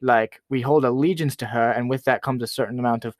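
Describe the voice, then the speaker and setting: A man's voice: medium pitch, steady tone, quick pace, dry recording, studio quality, natural voice. A man playing a boastful, self-important rapper who is a guest on a comedy talk show. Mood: smug. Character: boastful young male Canadian rapper, royalist.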